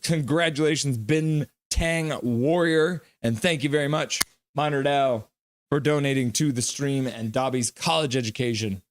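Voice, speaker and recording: A man hosting a live hockey watch-along stream, calling the plays casually, joking with chat and getting loud at goals. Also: a little high, no room sound. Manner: excitable, jokey, shouts at goals. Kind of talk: casual play-by-play and chat reading.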